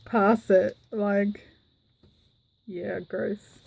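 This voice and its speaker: A woman's voice: mid-range voice, steady tone, drawn-out words, vocal fry, long pauses, dark tone, husky, rough recording. A woman, chatting casually and giggling as she shows a handmade journal to the camera. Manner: giggly, chatty, with frequent fillers. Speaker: craft vlogger. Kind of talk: casual show-and-tell.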